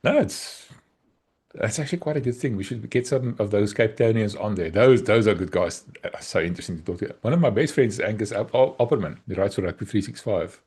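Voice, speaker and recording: Husky South African man, casual chat. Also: lowish voice, expressive, a little fast, darkish tone. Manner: teasing, chatty, laughs often. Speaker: podcast co-host.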